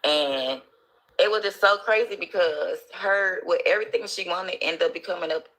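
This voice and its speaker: A woman with a fairly low voice tells a personal story in a casual, animated way. She slips into the voices of the people she describes as she goes. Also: normal speed.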